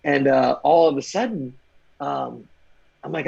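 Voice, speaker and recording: A man's voice: a little high, measured pace, vocal fry, breathy edge, highs cut off. A man from the Midwestern United States, a fight choreographer guest, telling anecdotes in an interview and acting out the voices of people in his stories. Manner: lively anecdotes with animated quoted voices. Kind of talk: storytelling interview chat.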